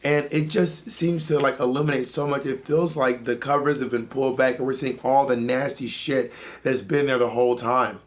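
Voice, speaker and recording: A man's voice: mid-range voice, steady tone, normal speed. A man co-hosting a podcast, speaking in an impassioned, blunt way and swearing freely. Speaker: podcast co-host. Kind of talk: emotional podcast discussion.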